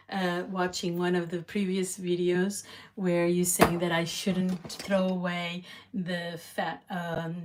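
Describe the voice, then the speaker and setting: A woman with a Portuguese accent chatting excitedly and rambling as she cooks on camera. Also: on the low side, slight background noise. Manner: excitable, rambling, with frequent restarts. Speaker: cooking vlogger. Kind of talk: casual cooking chat to camera.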